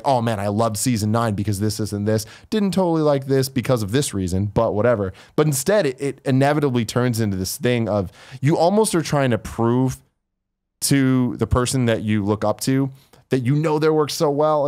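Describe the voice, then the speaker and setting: Podcast co-host telling a story. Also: male voice, medium pitch, lively intonation, brisk, darkish tone. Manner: storytelling, acts out quotes in a raised voice. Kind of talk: casual chat.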